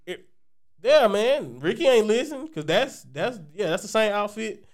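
A man's voice: sits high, big pitch swings, normal speed. A man co-hosting a podcast in casual chat, rambling and joking, laughing often. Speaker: podcast co-host.

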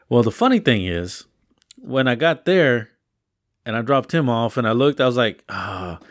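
Rambling man telling stories. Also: lowish voice. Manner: rambling, animated retelling with exclamations. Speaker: podcast co-host. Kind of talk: casual storytelling chat.

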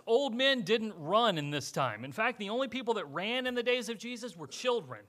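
A male pastor preaching a sermon, telling the story with animated energy and acting out the characters. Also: high voice, moderate pace, few pauses.

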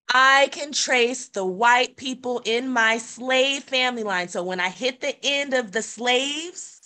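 A woman's voice: on the high side, sharp tone. An American woman speaking passionately and emphatically in a casual panel discussion. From United States.

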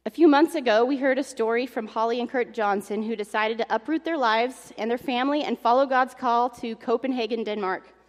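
Young woman preacher, earnest, somewhat high voice, long hall reverb. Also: a little fast, hardly any pauses. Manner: earnest, emotional, reads aloud from an article. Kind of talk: sermon.

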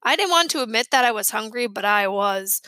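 A woman reading a children's chapter book aloud with lively storytelling. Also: on the high side, fairly quick, no room sound. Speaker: reader.

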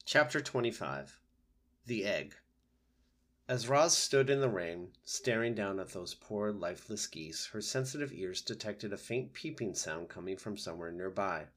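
A man narrates a children's book in a lowish voice. His delivery is steady and gentle. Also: a little slow. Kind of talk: reading a children's book aloud.

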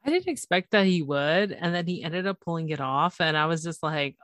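A relaxed woman chats casually with a slightly low voice, amused and quick to laugh. She speaks at an easy, unhurried pace. The sound is dry and close, with no room echo. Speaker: podcast co-host. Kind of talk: casual chat.

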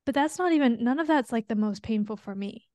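A young adult woman, a pharmacist co-hosting a podcast, talking in a casual, earnest way and quick to get emotional. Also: fairly high pitch, expressive, darkish tone, dry recording.

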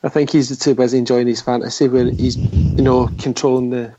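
Scottish male co-host, relaxed rambling chat, mid pitch. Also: brisk, lo-fi sound. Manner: easygoing, laughs often, rambling. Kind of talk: casual football chat.

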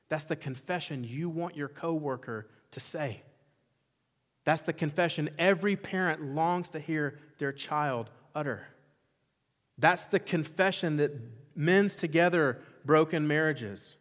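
A man's voice: a little high, a little slow. Man preaching in a reverberant church hall. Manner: impassioned preaching with emphatic repetition; swings between loud exclamation and quiet intensity. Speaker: pastor. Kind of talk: sermon. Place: church sanctuary.

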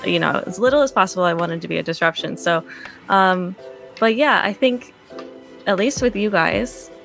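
A woman's voice: fairly low pitch, normal speed, creaky, a bit bright, soft background music. A woman player chatting casually on a podcast, earnest and grateful, with lots of fillers. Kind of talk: casual chat.

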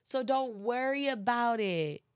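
A woman's voice: on the high side, animated, measured pace, smooth, dry recording, studio quality. A woman giving a casual inspirational talk, emphatic and chatty, repeating phrases and speaking straight to her listeners. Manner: chatty, addresses listeners directly. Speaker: motivational speaker.

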